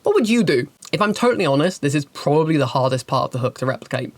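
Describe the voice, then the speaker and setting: A woman hosting a channel, giving game master advice in an animated, chatty and emphatic way. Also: low-pitched, fast talker, dry recording. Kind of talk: casual advice talk and storytelling.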